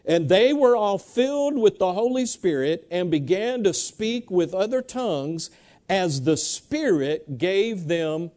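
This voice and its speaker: A man preaching a sermon, animated and urging the congregation to answer back, reading Bible verses slowly. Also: high-pitched. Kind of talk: sermon with congregation call-and-response.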